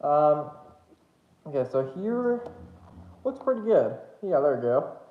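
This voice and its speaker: A man rambles through an eating livestream in a slightly high, lively voice, full of ums and restarts and a little out of breath. The sound is dull and lo-fi, bouncing around an echoey room at home. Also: slow. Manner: rambling, hesitant, many fillers. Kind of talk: casual eating livestream chat. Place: home room with dogs nearby.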